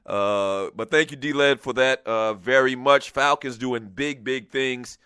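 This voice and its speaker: A man from Lowcountry South Carolina hosting a radio show, rambling through a chatty, laugh-filled monologue. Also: takes it slowly, sharp tone, smooth, no room sound, clean studio sound. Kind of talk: casual talk radio monologue.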